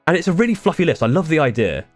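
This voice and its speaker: A man's voice: on the high side, sing-song, rapid-fire, faint music behind. A young man chatting casually on a live stream, answering viewer questions in a rambling way with restarts and the odd swear. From United Kingdom.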